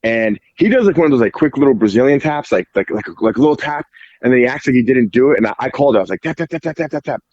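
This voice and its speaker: A man guesting on a podcast, telling an animated story in casual speech full of "like" fillers and casual swearing. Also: mid-range voice, very fast, highs cut off. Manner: animated, heavy "like" fillers, acts out quoted dialogue, swears casually. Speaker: podcast guest, jiu-jitsu referee.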